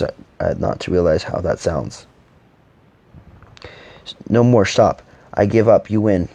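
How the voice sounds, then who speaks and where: A man reading a fantasy story aloud and voicing all the characters himself, in a halting delivery with frequent stumbles and restarts. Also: low voice, mellow, no room sound. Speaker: narrator voicing every character.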